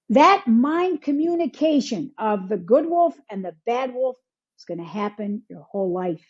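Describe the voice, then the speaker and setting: A woman's voice: a little high, very animated, normal speed, breathy edge. A woman from Michigan, a healer and coach, speaking in an interview and acting out inner self-talk in quoted voices. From Michigan, United States. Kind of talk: conversational interview. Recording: dull lo-fi sound.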